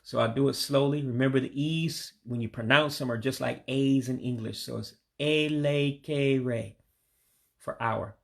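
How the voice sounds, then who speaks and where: A man with a gravelly, creaky voice walks through a casual vocabulary lesson. He says each word slowly and patiently, then lets his voice sink as he gives the English meaning. His pitch sits right in the ordinary middle for a man. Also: fairly even intonation, a bit bright. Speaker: language learner teaching vocabulary. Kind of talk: casual spoken language lesson.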